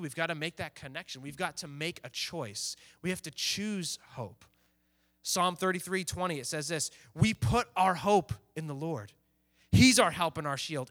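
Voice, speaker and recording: A man's voice: fairly high pitch, pushed and bright. A man preaching to a youth group in a casual, conversational way, often acting out what teenagers think and say. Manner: conversational, plays out teens' inner voices. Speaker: youth pastor.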